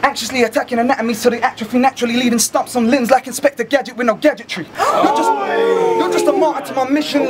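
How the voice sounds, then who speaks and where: A man, rapping an aggressive battle verse with rapid wordplay. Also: very high-pitched, heavy background noise. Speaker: battle rapper. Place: indoor battle rap venue. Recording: rowdy crowd around.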